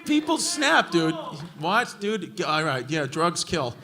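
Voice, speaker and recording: A man's voice: on the high side, sing-song, takes it slowly. A man doing crowd work as a stand-up comedian, brash and profane as he mocks hecklers in a large club. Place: large comedy club before a live audience. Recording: live club recording with crowd noise. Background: crowd laughing.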